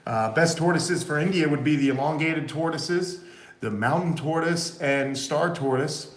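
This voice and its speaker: A man's voice: fairly high pitch, measured pace. A man with a runny nose chatting loosely on a live vlog about his tortoises and his house, full of "uh" fillers. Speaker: tortoise breeder and vlogger. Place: at home in Florida, indoors and by the front of his house. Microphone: phone camera, partly in selfie mode.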